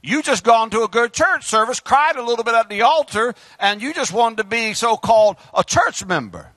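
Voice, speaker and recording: A male Southern US preacher with a high, bright, strongly swinging voice. He shouts some lines and drops into quiet asides, and the sound is dry and close. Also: expressive, normal speed, no echo. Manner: preaching with loud outbursts and sudden quiet asides. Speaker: pastor. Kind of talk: fiery sermon. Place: church sanctuary.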